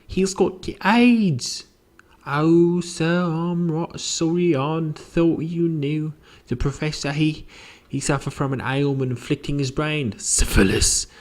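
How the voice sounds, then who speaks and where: A man's falsetto as a shrill, gushing old housekeeper. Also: takes it slowly. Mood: chattering. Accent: put-on British. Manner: gushing, flustered and chattering. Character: fussy prim old housekeeper woman.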